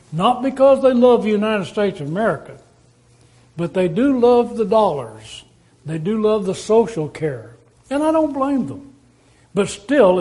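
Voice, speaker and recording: High-voiced preacher asking rhetorical questions. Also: male voice, darkish tone. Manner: conversational, asks the congregation rhetorical questions. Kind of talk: sermon.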